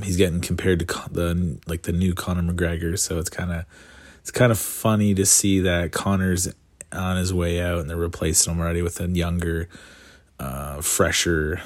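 A man's voice: low voice, no room sound. A young Canadian man giving a casual, rambling commentary full of fillers and enthusiasm.

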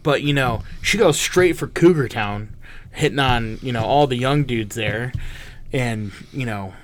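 A man in his twenties co-hosting a podcast, telling a story in a casual, animated, profane way. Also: mid-range voice, unhurried, slight background noise. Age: 20s. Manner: animated, profane, mimics people in stories. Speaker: podcast co-host.

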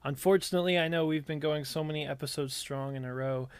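A man co-hosting a podcast, speaking in a soft, halting casual chat. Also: on the high side, steady tone, clear, resonant tone, no echo. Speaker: podcast co-host.

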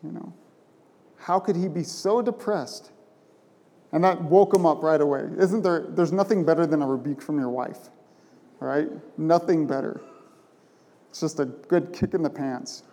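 A man's voice: fairly high pitch, unhurried, pauses often, mellow. A man preaching a sermon from a pulpit, emphatic and conversational, often tossing in rhetorical questions. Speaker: pastor. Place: church sanctuary. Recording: long church reverb.

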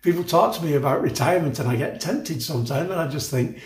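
A man's voice: on the high side, fast talker, reverberant. A man in his sixties preaching a sermon as a pastor, emphatic and chatty, often repeating words and restarting his sentences. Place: church.

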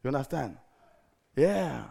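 A middle-aged man preaching a sermon in an animated, theatrical way, firing rhetorical questions at the congregation. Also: mid-range voice, unhurried, gravelly, husky.

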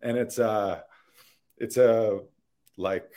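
Male actor, interview guest; rambling, earnest, playful, fairly low voice. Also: steady tone, extremely slow, mellow. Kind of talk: casual conversational interview.

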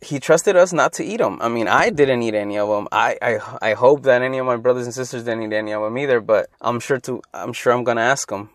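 A young adult man from Los Angeles, hosting his own podcast and telling childhood stories in a loose, rambling way that gets animated when he quotes people. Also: medium pitch, fast, hardly any pauses, no room sound. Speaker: podcast host. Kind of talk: casual solo storytelling.

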